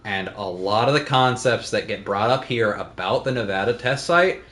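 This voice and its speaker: A man's voice: on the low side, expressive, normal speed, a bit bright. Rambling, cursing man in echoey room. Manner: rambling, profane. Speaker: let's play co-host. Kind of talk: casual chat.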